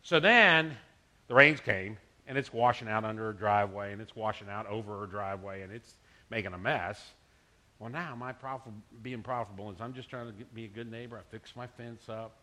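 A man's voice: fairly low pitch, fairly quick, bright, forceful tone. A middle-aged man, a pastor, preaching a conversational sermon and mixing scripture with personal stories.

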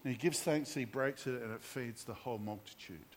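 A man preaching a sermon, telling a story with animated character voices and frequent restarts. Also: medium pitch, fairly quick, long reverb tail. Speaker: pastor.

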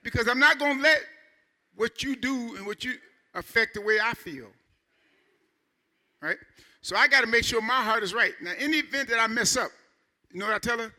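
A man in his fifties preaching a Sunday sermon in an animated, conversational way, building to shouts. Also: very high-pitched, normal speed, pauses often. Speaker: pastor.

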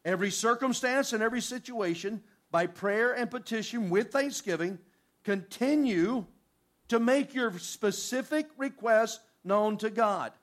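A man preaching a sermon, reading scripture and acting out prayers in an animated, conversational way. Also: high voice, measured pace. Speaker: pastor.

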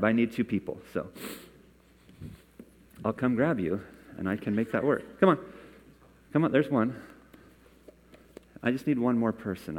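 A man preaching a sermon as pastor in a church, talking conversationally and coaxing volunteers from the congregation. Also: lowish voice. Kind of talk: sermon with scripture reading. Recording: long reverb from a large hall.

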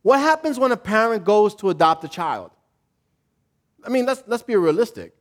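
A man whose voice sits high speaks at a normal speed as he preaches. He's a pastor giving a casual, slangy, conversational sermon, animatedly telling stories and acting out voices.

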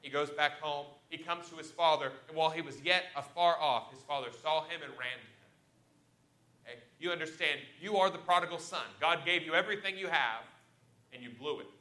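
A man preaches in a church, his voice sitting a little high and ringing sharp and forceful. He tells stories with dramatic jumps in loudness, and the hall gives everything a roomy echo. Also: fairly quick. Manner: animated storytelling with sharp swings in loudness. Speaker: pastor. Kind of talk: sermon. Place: church sanctuary.

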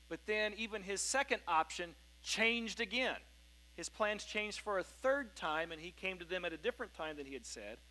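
A middle-aged man preaching a sermon in an easygoing, anecdotal style. His voice sits a little high and rings bright and forward. He wanders through fillers and self-corrections as he talks. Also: poor audio. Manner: conversational storytelling, many fillers and self-corrections. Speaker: pastor.

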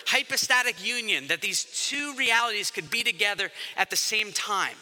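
Male pastor, high and very bright voice, lively sermon delivery, long hall reverb. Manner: animated, acts out quoted voices.

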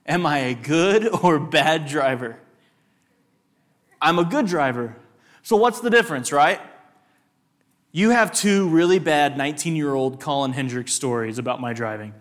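A young man with a West Texas twang speaks as a guest at a church service, his voice pitched a touch high. He tells animated personal stories and stops to ask the audience questions.

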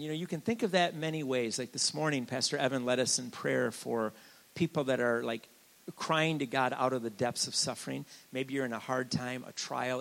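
A man's voice: medium pitch, creaky, big-room sound. An older man giving a candid, joking testimony sermon as a guest preacher in a church. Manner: candid, joking, animated storytelling.

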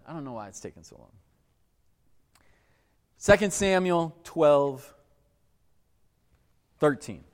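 A man's voice: a little high, very animated, slow, long pauses. A man preaching a sermon, retelling a story in a casual, conversational way and slipping into quoted voices. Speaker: pastor. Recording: echoey hall with long reverb.

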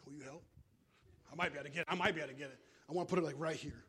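A man preaching a sermon, animated and joking, out of breath as he moves about with props. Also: on the high side, racing. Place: church.

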